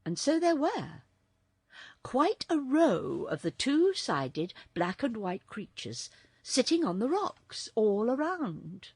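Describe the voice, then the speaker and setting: A woman narrating a children's audiobook in a very expressive storytelling voice. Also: on the high side, slow pace, slightly rough, dry recording.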